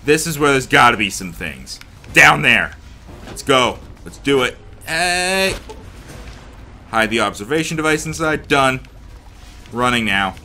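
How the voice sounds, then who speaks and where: A man giving casual commentary while playing a game, talking to himself and to the characters, sometimes slipping into a mock accent or a hushed murmur. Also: mid-range voice, expressive, normal speed, slight background noise. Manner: talks to himself and the game characters, rambling and reactive; slips into a mock accent, drops to a hushed murmur when sneaking. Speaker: let's play gamer.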